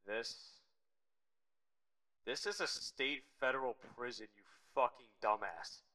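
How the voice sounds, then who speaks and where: A podcast co-host putting on a rude, impatient fast-food cashier who swings from mock-formal politeness to cursing. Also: male voice, medium pitch, pushed and bright. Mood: exasperated.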